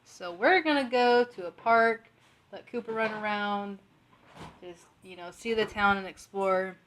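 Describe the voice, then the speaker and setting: A woman joins a casual home podcast and talks in an upbeat, chatty way. Her voice sits at an ordinary pitch for a woman. A faint hiss runs under the recording. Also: unhurried, a bit bright. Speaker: podcast co-host. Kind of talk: casual chat.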